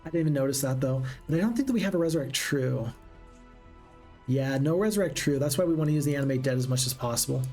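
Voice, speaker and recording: A man's voice: mid-range voice, animated, fast, darkish tone, soft background music. A man giving casual commentary while playing a strategy game, thinking aloud and asking himself questions as he goes. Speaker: let's play gamer.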